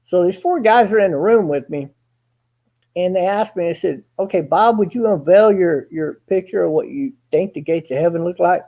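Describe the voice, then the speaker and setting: Husky, dark-voiced man telling a story. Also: high voice, normal speed. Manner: rambling, folksy, profane, acts out quoted dialogue. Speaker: guest storyteller. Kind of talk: casual storytelling.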